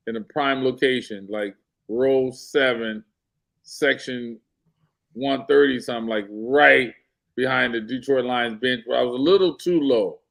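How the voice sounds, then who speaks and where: A man's voice: medium pitch, vocal fry. A man in casual sports talk, telling a story with energy and acting out what people said. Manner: animated storyteller, acts out quotes. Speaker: guest.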